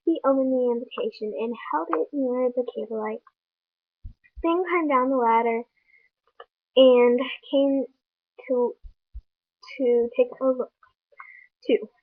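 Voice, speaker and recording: A woman's voice: high-pitched, slow pace, long pauses. A young female reader reading a children's book aloud, casual and stumbling, stopping now and then to apologize. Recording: tinny phone-like recording.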